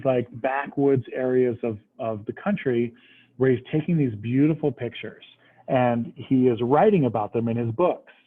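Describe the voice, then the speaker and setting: A man teaching a history class in a casual, conversational way, often checking in with the students. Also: mid-range voice. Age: adult, past military service. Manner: conversational, checks understanding with "right?". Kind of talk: classroom lecture. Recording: tinny phone-like recording.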